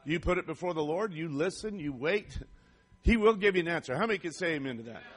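A man delivers a fervent sermon in a notably high voice. He reads scripture aloud and breaks into asides to the congregation, climbing to shouted praise. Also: animated, fast. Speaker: preacher.

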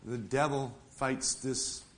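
An emphatic male preacher delivering a sermon in a church at a middle pitch. He presses his points hard and keeps asking the congregation for an amen. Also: fairly even intonation, takes it slowly. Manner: emphatic, calls for amens.

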